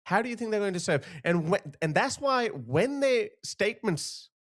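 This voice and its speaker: Sarcastic guy ranting political commentary, high voice, swings all over the place. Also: normal speed. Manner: animated, sarcastic, emphatic. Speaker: host.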